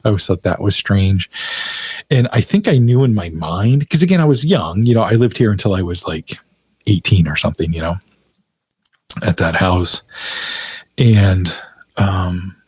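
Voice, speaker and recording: A man's voice: lowish voice, a little mellow, breathy edge, no echo. A man, a podcast guest, telling a personal story in loose, chatty speech full of fillers, often laughing. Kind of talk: casual storytelling in a podcast interview.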